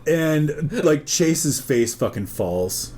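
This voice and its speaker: This man's voice is a little high, his words drawn out, with slight background noise. A podcast co-host, he spins a long, profane story in casual conversation, animatedly voicing its characters.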